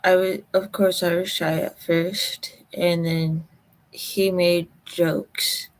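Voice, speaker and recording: A woman from Colorado, telling a personal story in a halting way, close to tears. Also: fairly low pitch, little pitch movement. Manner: slow, halting, emotional recollection.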